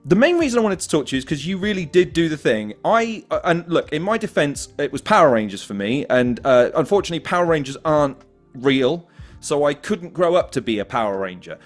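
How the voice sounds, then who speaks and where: Enthusiastic guy hosting a podcast, kinda high voice, really animated, long winding questions. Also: brisk, faint music behind. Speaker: podcast host. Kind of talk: interview questions.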